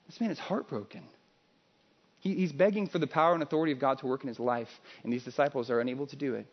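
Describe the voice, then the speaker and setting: Animated male preacher, dull recording. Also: mid-range voice, quick pace. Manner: conversational, animated storytelling with restarts. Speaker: pastor. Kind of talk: sermon.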